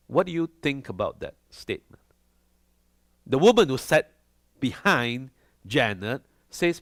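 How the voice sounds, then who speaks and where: A man preaching a sermon to a church congregation, animated and often checking in with his listeners. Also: medium pitch, measured pace, pauses often, no echo, clean studio sound. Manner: animated, asks the congregation questions. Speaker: pastor.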